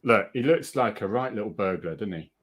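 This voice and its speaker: A man's voice: fairly low pitch, expressive, fairly quick, slightly rough. A man hosting a casual live video chat, chatty and self-deprecating and laughing often. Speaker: host.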